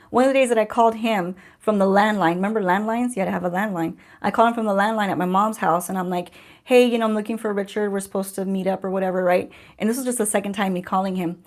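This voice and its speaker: Chatty woman hosting a livestream. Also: medium pitch. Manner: chatty, laughing, sarcastic. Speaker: beauty channel host. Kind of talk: casual livestream chat.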